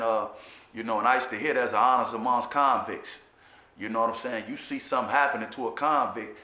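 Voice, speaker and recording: A middle-aged man recounting his years inside in blunt, profane street talk, hammering his points home by saying them again and again. His voice is bright and forceful and sits at an average pitch. The sound carries a noticeable echo from the room. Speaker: former prisoner telling his story. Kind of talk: personal storytelling to camera.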